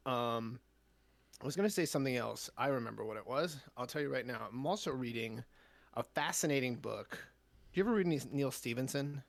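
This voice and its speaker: A man with a gravelly, fry-tinged voice at an average pitch talks in a loose, rambling way. He laughs easily while he chats on a home podcast. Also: animated, a little fast, no echo. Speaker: podcast co-host. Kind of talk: casual chat. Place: home room.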